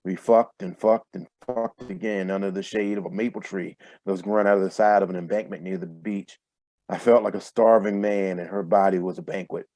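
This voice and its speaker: A man reading his own first-person fiction aloud in a steady, measured way over a video call. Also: low voice, dry recording, faint music behind. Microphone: computer mic on a video call.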